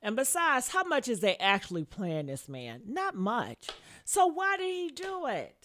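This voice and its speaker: A sassy woman hosting a celebrity gossip vlog, her voice sitting a little high and swinging widely as she talks. She is blunt, swears freely and keeps calling her listeners honey while reading out comments. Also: huge pitch swings, measured pace, a bit bright, a little hiss or hum. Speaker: host of a gossip commentary show. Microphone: camera mic with headphones on.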